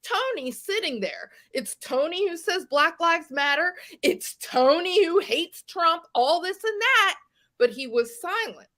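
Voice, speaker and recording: A woman from West Virginia, a podcast guest, telling a personal story in an animated way. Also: extremely high pitch, measured pace. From West Virginia, USA. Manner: animated storyteller, acts out quoted exchanges. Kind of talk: podcast conversation.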